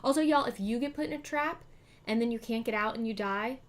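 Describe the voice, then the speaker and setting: Lady streamer playing a board game live, a bit high voice, chatty, talks herself through moves. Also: brisk. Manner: chatty, thinks aloud, thanks chat as she plays. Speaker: streamer host.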